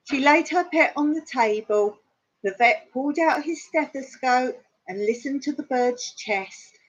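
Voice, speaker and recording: A woman hosting a casual live stream from home, telling jokes and chatting in an unhurried way, clearing her throat now and then. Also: high voice, animated. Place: home in the countryside. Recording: dull lo-fi live stream audio.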